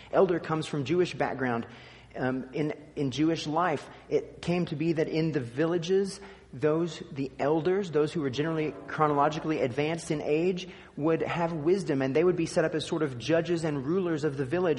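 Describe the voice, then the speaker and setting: A man's voice: fairly high pitch, darkish tone. Man preaching in a reverberant hall. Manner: teaching, emphatic repetition with dry asides. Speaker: pastor. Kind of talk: sermon.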